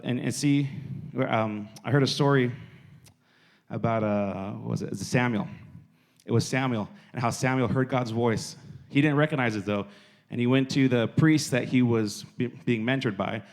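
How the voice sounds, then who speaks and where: A man's voice: mid-range voice, normal speed. A man giving a casual sermon to young people, talking conversationally and repeating phrases for emphasis. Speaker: youth preacher.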